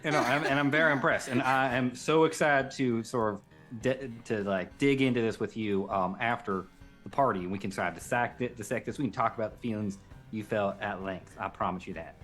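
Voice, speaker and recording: A man's voice: mid-range voice, fairly quick, fairly bright tone, soft background music. A man playing his character in a tabletop game, talking in an earnest, reassuring way. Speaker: player. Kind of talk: in-character tabletop role-play.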